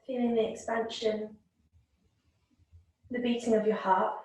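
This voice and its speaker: A woman teaching a yoga class, guiding the breath in a calm, gentle, unhurried way. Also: a little high. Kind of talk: guided yoga and breathing instruction. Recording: very echoey room, voice from a distance.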